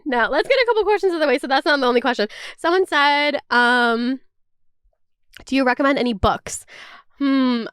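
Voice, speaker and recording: Young woman vlogger, high smooth voice, chatty and profane, dry close sound. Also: fairly bright tone, no echo. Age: 20s. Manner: chatty, swears freely, heavy use of "like". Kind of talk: casual chat.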